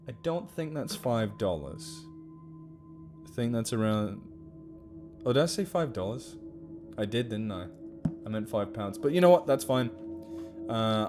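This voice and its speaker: Giggly man streaming. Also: fairly low pitch. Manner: chatty, giggly, rambling. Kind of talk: casual live-stream chat.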